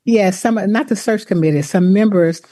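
A woman telling her story in an interview, speaking deliberately, with restarts and the odd laugh. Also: medium pitch, warm tone, no room sound. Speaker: former university president, author. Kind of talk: interview, personal account.

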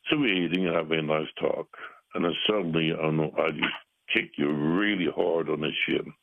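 A pastor speaking as a radio guest over the phone, earnest and halting, with many pauses and fillers. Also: male voice, rumbling low, steady tone, vocal fry. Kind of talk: radio call-in conversation. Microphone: telephone. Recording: tinny phone line.

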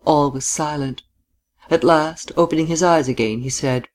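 Measured novel reader, mid-pitched, steady and quiet. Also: a little hiss or hum. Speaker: narrator. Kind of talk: audiobook reading of a novel.

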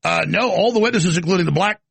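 Ranting male talk show host, gravelly and husky, stammering restarts. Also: high voice, quick pace, fairly bright tone, no room sound. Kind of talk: live talk show rant.

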